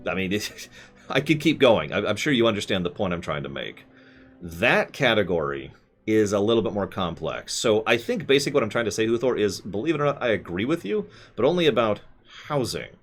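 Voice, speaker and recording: A man's voice: lowish voice, very animated, a little fast, soft background music. A man streaming live, answering chat with rambling, self-correcting opinions.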